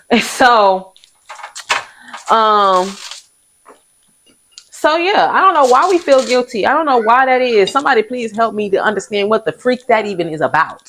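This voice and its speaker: A young woman talks into the camera in a loose, confessional way. Her voice sits at an ordinary middle pitch, and she keeps things frank and chatty, often laughing as she goes. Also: poor audio. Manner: candid, chatty, uses southern US vernacular, laughs often. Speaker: vlog host. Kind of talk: casual confessional chat.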